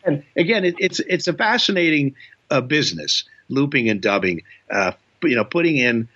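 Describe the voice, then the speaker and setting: Here the same Indiana-born comedian and voice actor, an older man, chats as a guest, spinning meandering stories full of restarts and little laughs. He speaks at a normal speed in a mid-range voice with lively intonation and a fairly bright tone, though the recording is muffled.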